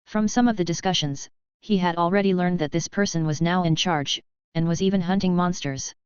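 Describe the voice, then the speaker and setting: A woman with a lowish, very smooth voice reads a fantasy novel aloud in an even, measured way. The recording is dry and a little dull, with no room sound at all. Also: no room sound. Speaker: audiobook narrator. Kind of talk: scripted novel narration.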